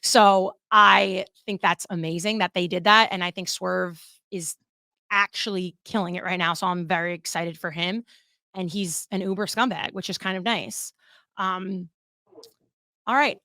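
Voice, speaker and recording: A woman's voice: on the low side, fairly even intonation, measured pace, bright, forceful tone, dry recording, studio quality. A young woman hosting her own podcast, talking casually and candidly, and swearing freely as she chats. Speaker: podcast host. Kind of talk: casual solo podcast commentary.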